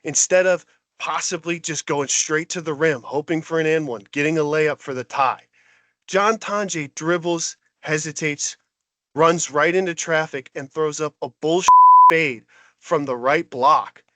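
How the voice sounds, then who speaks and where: Brief: male podcast co-host, high voice, dry close sound, fired-up exasperated ranting. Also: a little slow, bright, forceful tone, no room sound. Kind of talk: heated sports rant.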